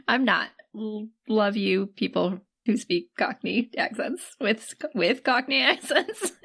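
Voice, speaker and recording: A woman's voice: mid-range voice, lively intonation, slow, creaky, fairly bright tone, slightly rough. A woman co-hosting a podcast in casual chat, teasing her partner and laughing often. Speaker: podcast co-host.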